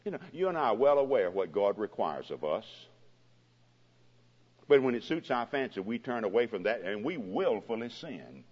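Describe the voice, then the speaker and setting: A man preaching a sermon as pastor, his voice swelling and dropping dramatically in pitch and loudness, recorded in a church. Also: big pitch swings, normal speed, breathy edge. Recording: dull lo-fi recording with long hall reverb.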